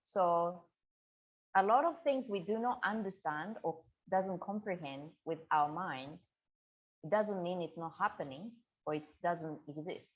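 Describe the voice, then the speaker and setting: Woman, interview guest, unhurried storytelling, muffled lo-fi audio. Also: fairly low pitch. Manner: slow, searching, acts out quotes with laughs. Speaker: guest, spiritual practitioner.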